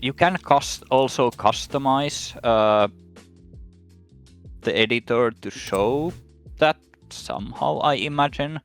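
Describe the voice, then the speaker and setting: A man in casual stream chat who explains things in a patient, measured way. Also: mid-range voice, faint music behind.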